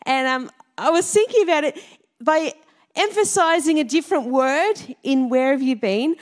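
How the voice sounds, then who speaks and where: A middle-aged Australian woman speaks to her congregation in a fairly high voice. She is chatty and playful, throwing questions at the room and laughing between stories. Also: moderate pace. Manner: chatty, laughing, quizzing the audience. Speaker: Salvation Army minister. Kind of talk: church talk to a congregation.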